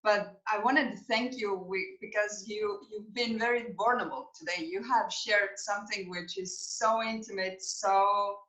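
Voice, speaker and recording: A woman's voice: mid-range voice, fairly even intonation, a little slow, hardly any pauses, a bit bright. A woman hosting an interview, responding to her guest in an effusive, admiring way. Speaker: interview host. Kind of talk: conversational interview. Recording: echoey room.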